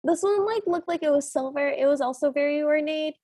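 A woman's voice: sits high, a little fast, mellow, dry recording. A woman co-hosting a podcast, casually recapping a film in a chatty, giggly way and acting out the scenes as she goes. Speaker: podcast co-host.

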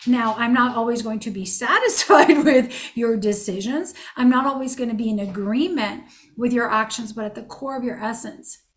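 A woman's voice: a little high, normal speed. A woman in her forties, a relationship coach, giving an earnest, emphatic motivational talk that repeats phrases for effect.

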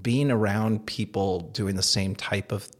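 A man with an upper Midwestern accent, co-hosting a casual podcast from an office, telling stories in an animated, laughing way. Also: on the low side, unhurried. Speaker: podcast co-host. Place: office in a co-working space.

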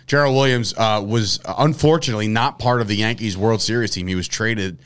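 A man's voice: fairly low pitch, fairly quick, a bit bright, clean tone. A man hosting a sports talk show, joking and rambling in casual chat, laughing often.

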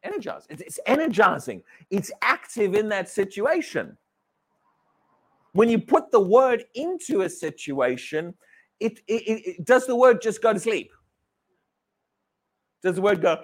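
A man from Britain preaching a sermon, animated, repeating words and asking his congregation questions. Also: sits high, unhurried, long pauses. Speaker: pastor.

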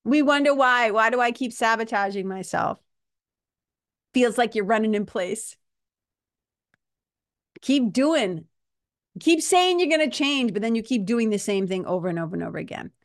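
A woman's voice: a little high, expressive, moderate pace, long pauses. A woman hosting a self-help show, talking animatedly, laughing often and restarting her sentences. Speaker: podcast host. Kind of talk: self-help talk monologue.

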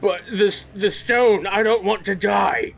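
A man's voice: sits high, takes it slowly, vocal fry, faint music behind, pitched above the performer's own voice, full character voice. A man voicing a scared, defiant male bugbear brute in a tabletop game. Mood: panicked.

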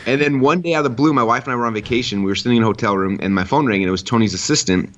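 A man in his thirties, a podcast guest who tells stories with excitement, acting out quotes in a high voice. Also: racing, muffled recording, noisy background. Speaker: podcast guest, online entrepreneur. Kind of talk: casual storytelling interview.

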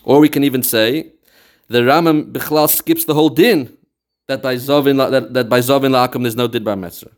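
Speaking fairly quickly in a steady, mid-range tone, this man teaches Torah by explaining a Talmudic text one step at a time. His English is sprinkled with Yiddish and Hebrew terms, and he chants the passages he quotes.

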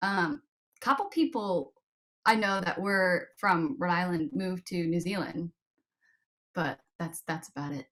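A young woman with an American accent chats easily as a podcast guest, giggling between her sentences. Her talk is loose and self-deprecating, quick to laugh at her own jokes. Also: fairly low pitch, a bit bright. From United States. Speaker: guest musician. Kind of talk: casual podcast chat.

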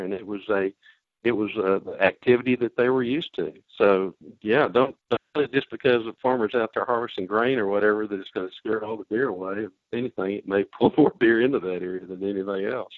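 A man's voice: on the low side, no room sound. Older man on a tinny, phone-like line. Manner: folksy storyteller, relaxed and unhurried. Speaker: guest, hunting expert. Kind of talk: casual podcast conversation.

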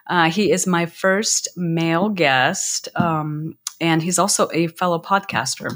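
A woman's voice: fairly low pitch, measured pace, fairly bright tone. A woman hosting a casual podcast interview, hesitant and restarting her sentences often. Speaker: podcast host.

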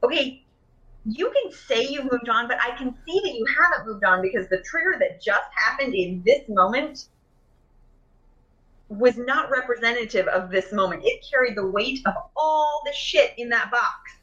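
A woman's voice: a little high, expressive, moderate pace, bright, forceful tone, lo-fi sound. A woman in a casual conversation about emotional healing, chatty, with many fillers and restarts, speaking over a video call.

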